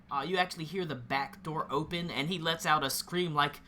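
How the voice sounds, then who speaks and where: Male game master, halting narration, piercingly bright timbre. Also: fairly high pitch. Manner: halting, full of fillers and restarts.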